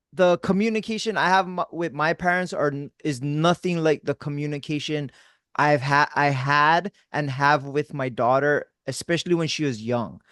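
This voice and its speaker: Smooth-voiced laid-back male host. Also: a little high, fairly bright tone, dry recording, studio quality. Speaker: podcast host. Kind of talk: casual podcast interview.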